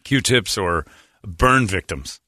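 In a dry studio recording, a low-voiced American man in his forties speaks slowly as he hosts a casual radio talk show. He's an animated storyteller who keeps lapsing into imitations of accents and other people's voices.

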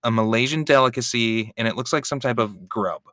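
A man's voice: mid-range voice, brisk, pushed and bright, no echo, clean studio sound. A man co-hosting a podcast, chatting wryly about a reality show. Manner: chatty, wry, lots of fillers. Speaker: podcast co-host. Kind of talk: casual chat recap.

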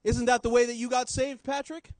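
A man preaching a sermon in church, swinging between loud emphasis and quiet low drops. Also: level tone, a little fast, no echo, low-quality recording.

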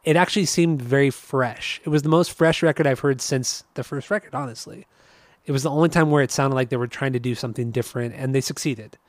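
A man co-hosting a podcast in casual chat, easygoing and quick to laugh, with hesitant restarts. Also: mid-range voice, no echo, clean studio sound. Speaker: podcast co-host.

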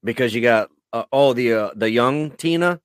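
A man hosting a casual podcast asks loose, excited questions, swearing as he goes. His voice sits at a middle pitch, and the recording is dry and close-miked. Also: moderate pace, smooth, dry recording. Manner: laid-back, profane, enthusiastic questions. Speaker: podcast host.

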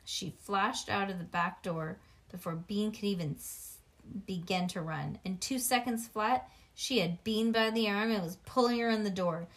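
A woman's voice: mid-range voice, normal speed. Woman reading a children's book aloud. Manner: animated, with asides to a child listener. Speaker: reader.

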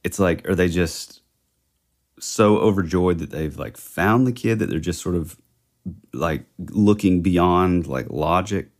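A man's voice: deep voice, unhurried. A man co-hosting a podcast, thinking aloud hesitantly in casual true-crime chat. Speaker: podcast co-host.

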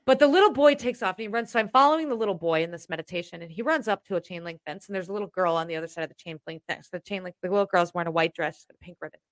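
A woman telling a rambling, animated story in casual chat as a podcast co-host. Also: on the low side, very fast, few pauses, no room sound, clean studio sound.

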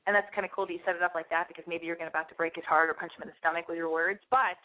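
A woman's voice: fairly low pitch, fairly even intonation, racing. A woman hosting an advice show, giving a caller frank, blunt advice and acting out sample lines. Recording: phone-like radio audio.

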